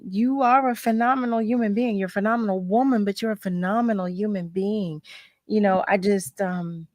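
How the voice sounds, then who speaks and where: A woman's voice: mid-range voice, darkish tone, no echo, studio quality. A woman radio host closing an interview, effusive and heartfelt in her thanks. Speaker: radio talk show host. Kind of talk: on-air interview wrap-up.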